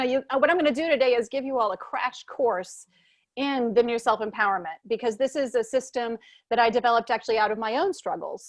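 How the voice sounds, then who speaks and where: A woman speaking as a webinar guest, her voice fairly high, earnest and searching, often pausing and restarting her sentences. The sound is dry, with no room echo, as on a video call. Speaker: guest speaker, self-help teacher. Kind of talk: webinar presentation.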